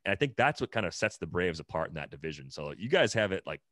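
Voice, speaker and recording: Deep-voiced and fast, with big swings in pitch and a fairly bright tone, a man co-hosts a baseball podcast in a clean studio with no room sound. His casual analysis comes out as thinking aloud, full of "like" and restarts.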